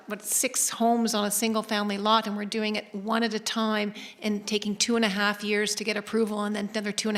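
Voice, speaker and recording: A woman with a Canadian English accent giving a quick, emphatic rebuttal in a live public debate. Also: on the high side, a bit bright.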